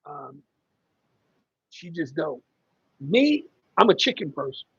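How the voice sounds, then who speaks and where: Gravelly, husky man chatting on a livestream. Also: a little high, big pitch swings, slow, dry recording, muffled recording. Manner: rambling, conversational, many ums. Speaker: livestream host talking about caregiving. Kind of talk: casual livestream chat, reading viewer comments.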